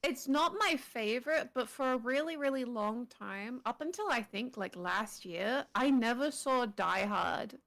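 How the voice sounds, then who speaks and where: Laid-back woman guest, fairly high voice. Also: animated, measured pace, gravelly, few pauses, fairly bright tone. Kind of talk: casual chat.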